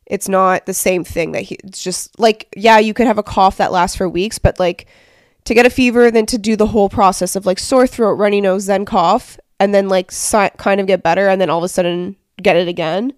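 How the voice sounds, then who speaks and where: A young pregnant woman chatting casually as a podcast co-host, chatty and quick to laugh. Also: mid-range voice, fairly even intonation, smooth, no room sound, studio quality. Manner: chatty, laughs often, lots of "like". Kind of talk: casual chat.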